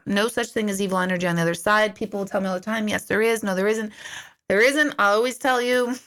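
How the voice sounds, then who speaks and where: A middle-aged woman hosting a casual live-stream Q&A as an intuitive, chatty and storytelling, acting out her own remarks in lively asides. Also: medium pitch. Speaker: intuitive medium answering viewer questions.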